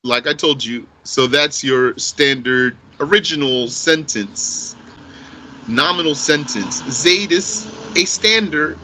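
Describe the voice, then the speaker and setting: Slow, bright-voiced male grammar teacher. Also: mid-range voice, slight background noise, rough recording. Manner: explains slowly, repeats key phrases, quizzes the class with a countdown. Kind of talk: classroom grammar lesson.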